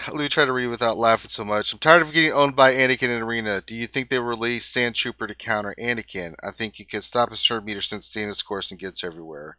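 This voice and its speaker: Man, live Q&A host, brisk, bright tone, dry sound. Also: mid-range voice, no room sound. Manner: brisk, laughs easily. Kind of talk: live gaming Q&A.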